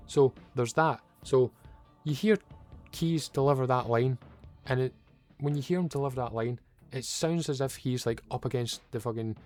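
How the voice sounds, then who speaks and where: A man's voice: medium pitch, a little mellow. A young man giving a casual, rambling, opinionated video game review and swearing now and then.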